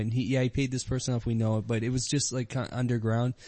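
A man's voice: medium pitch, level tone, fast, mellow, dry recording. Dry-sounding man in loose comedy chat. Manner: swearing, laughs often, acts out quotes. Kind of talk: casual comedy podcast chat.

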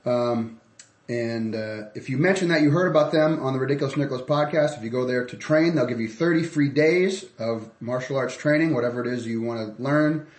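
A man's voice: mid-range voice, a little fast, darkish tone, echoey room. A man hosting a casual podcast, rambling through ad reads and banter with many restarts. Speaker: podcast host.

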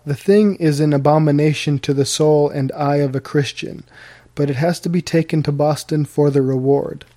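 A man's voice: on the high side, steady tone, normal speed, mellow, natural voice. A man reading Digby, a hesitant servant. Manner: polite, hesitant, with old-fashioned speech. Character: deferential colonial manservant, awkward and hesitant. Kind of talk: audiobook character reading.

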